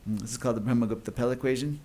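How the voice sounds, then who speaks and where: A man's voice: mid-range voice, racing, warm tone. A man giving an academic lecture at a conference. He explains at length, with many fillers and restarts. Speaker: conference speaker.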